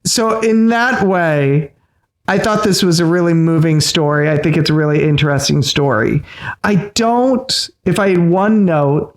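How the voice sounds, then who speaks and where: A man's voice: on the high side, unhurried, echoey room. A man co-hosting a casual review podcast, easygoing and agreeable with self-deprecating humor. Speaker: podcast co-host.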